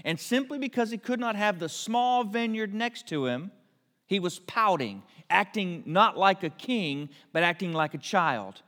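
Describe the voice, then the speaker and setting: A man preaching a storytelling sermon, his voice set a little high for a man. He acts out the characters now and then. A long reverb trails each phrase, as in a big church hall. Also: lively intonation, unhurried, pushed and bright. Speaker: pastor.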